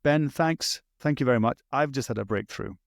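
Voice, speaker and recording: A man's voice: mid-range voice, moderate pace, vocal fry, no echo, studio quality. A man hosting a podcast, chatty and emphatic, joking with his guest. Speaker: podcast host. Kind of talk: casual interview chat.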